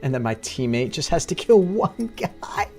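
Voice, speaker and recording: A man commentates his game live with an animated, swooping voice. He jokes crudely, laughs often and teases his chat, while faint music plays underneath. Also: on the high side, moderate pace. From United States. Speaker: streamer.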